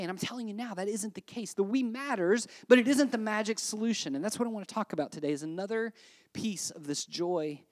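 A pastor preaching a sermon in a chatty, animated way, often checking in with "right?" and swinging between quiet and loud. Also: medium pitch. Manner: conversational, with frequent "right?" asides.

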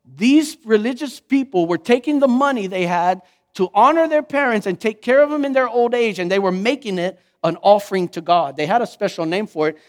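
Animated high-voiced male preacher. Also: a little fast. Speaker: pastor. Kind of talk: sermon.

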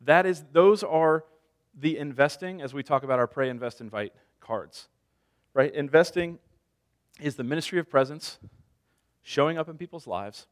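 A man's voice: on the high side, normal speed. A man in his thirties preaching a sermon as a pastor, conversational, telling stories with self-deprecating humor.

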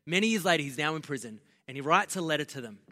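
A man preaching a sermon as pastor, passionate and building to loud, emphatic delivery. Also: a little high, animated, fast. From Australia. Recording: long reverb of a large hall.

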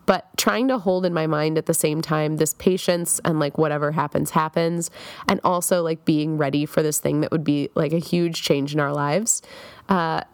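A young woman talks through a personal diary recording, circling her thoughts with plenty of fillers and wry self-mocking asides. Her voice sits a little low for a woman, and the sound is dry and close with no room echo. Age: young adult. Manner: chatty, rambling, self-mocking, many fillers. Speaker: diarist.

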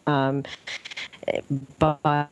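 Low-voiced woman, halting guest talk. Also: level tone, clear, resonant tone, dull audio. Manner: halting, with many ums. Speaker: panel guest. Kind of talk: casual chat. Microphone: internet stream.

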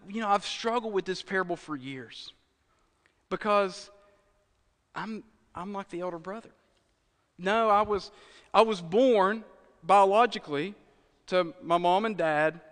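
A middle-aged man preaches in a loose, chatty style, his voice sitting high. He pulls back to a near whisper for emphasis, then pushes forward again. The long reverb of a large hall hangs on every phrase. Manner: conversational preaching, swings from loud to near whisper. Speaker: pastor. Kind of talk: sermon.

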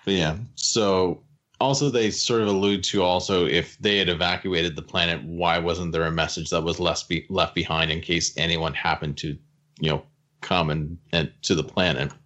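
A man hosting a podcast, casually recapping a cartoon episode and slipping into quick quotes of characters. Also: low voice, steady tone, fairly bright tone, muffled recording. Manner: retells the plot at length, drops into quick character quotes.

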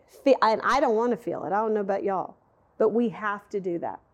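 A woman's voice: medium pitch, a little fast, dull audio. A middle-aged woman giving an emotional, conversational sermon, speaking directly to her listeners. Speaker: women's Bible teacher.

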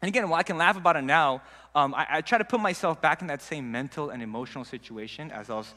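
A young man telling a casual personal story, animated and acting out the people in it. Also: fairly high pitch, fast. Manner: animated, acts out quoted dialogue. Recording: long reverb.

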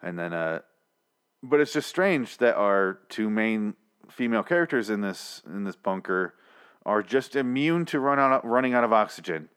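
A man's voice: on the low side, lively intonation, normal speed, fairly bright tone, clean tone. A man recapping and reviewing a TV episode in a casual, rambling way, often exasperated and swearing.

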